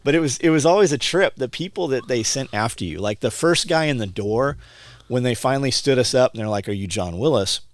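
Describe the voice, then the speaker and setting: A man talking casually as a podcast guest, telling profane, animated stories and acting out the other people's lines. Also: mid-range voice, a little fast, no room sound, clean studio sound. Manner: profane, animated, acts out quoted dialogue. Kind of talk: casual storytelling conversation.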